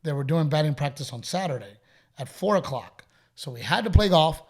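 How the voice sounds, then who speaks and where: Animated and brisk, a Texan podcast host with a fairly high, slightly rough voice tells casual stories. He quotes what others said and breaks into laughter often.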